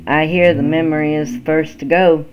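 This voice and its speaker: A man's voice: on the high side, level tone, normal speed, a little hiss or hum, natural voice. A man voicing a mischievous teenage boy who talks smugly while feigning innocence, on a dull lo-fi recording. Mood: sly innocence.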